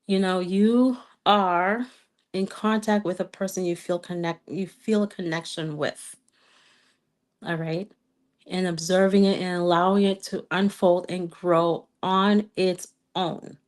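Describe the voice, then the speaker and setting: A woman's voice: on the low side, steady tone, unhurried. Earnest woman coaching with a slight accent. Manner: earnest, coaching, checks in with frequent "okay?"; repeats key phrases for emphasis. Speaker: twin flame coach. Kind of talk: live stream Q&A, answering viewer comments.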